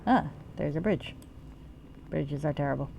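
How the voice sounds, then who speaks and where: A woman's voice: low voice, measured pace, gravelly, warm tone, slight background noise. A woman streaming a video game, chatting casually in rambling, profane tangents as she plays. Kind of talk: casual let's-play commentary.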